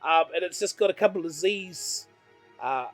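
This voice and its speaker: A man runs a tabletop game, describing scenes in a meandering way and correcting himself often. His voice sits high for a man, with soft music playing faintly behind him. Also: normal speed. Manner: meandering, self-correcting narration. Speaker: game master.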